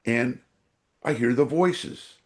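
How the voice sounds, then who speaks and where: With a medium-pitched, slightly mellow voice, a San Francisco man takes his time as a podcast guest. An energy awareness trainer, he meanders through his stories with many fillers, acting out the voices.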